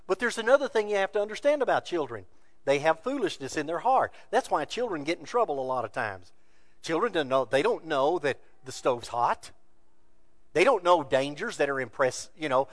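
Man, pastor preaching, fairly high voice, emphatic rises, hushed asides. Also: dry recording. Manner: preaching with rising emphatic peaks and quiet asides. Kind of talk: sermon.

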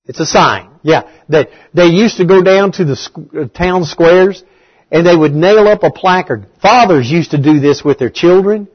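A man's voice: fairly high pitch, a little slow, husky, dull audio. A man preaching a conversational bible study, asking his listeners questions and repeating key words.

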